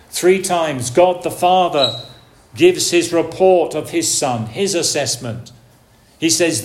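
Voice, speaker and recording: A man preaching a sermon, slow and measured, building emphasis through repetition. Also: a little high, expressive, reverberant.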